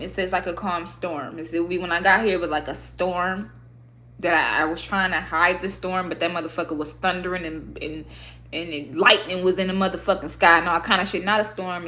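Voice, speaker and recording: Using her own desk microphone, a vlogger and podcaster from Michigan, USA, talks casually to camera with candor, expressiveness and lots of swearing. Her voice leans low at a normal speed, with slight background noise.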